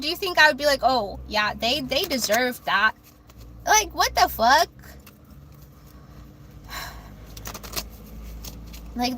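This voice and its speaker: A woman's voice: sits high, pushed and bright. A woman hosting a livestream, reading chat messages aloud and answering them in a heated, emphatic way, swearing often and repeating her points. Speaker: livestream host. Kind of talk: livestream talk reacting to chat.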